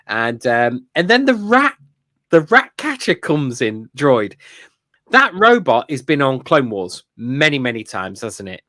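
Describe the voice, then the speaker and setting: A man's voice: medium pitch, wildly swooping pitch, unhurried, bright, forceful tone, no echo, clean studio sound. A man co-hosting a podcast, chatting in an enthusiastic, rambling way with lots of fillers and laughs. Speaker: podcast co-host. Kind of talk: casual fan review chat.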